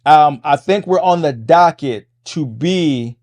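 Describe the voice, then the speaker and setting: A middle-aged man hosting a podcast, talking fast in a casual monologue, restarting phrases and tagging lines with "right?". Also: on the high side, animated, a little mellow. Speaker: podcast host and MMA coach.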